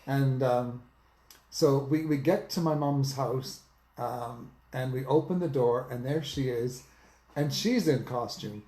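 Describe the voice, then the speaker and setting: A man's voice: mid-range voice, takes it slowly, warm tone. Friendly guy from canada cohosting, chatty w some ums, echoey room. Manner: supportive, chatty, with some fillers. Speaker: vlog co-host. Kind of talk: casual storytelling chat.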